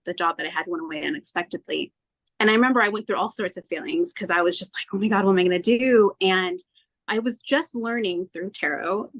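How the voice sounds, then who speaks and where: A woman with a mid-range voice is interviewed on a podcast as a tarot reader. She tells her story earnestly and with animation, acting out her own past thoughts.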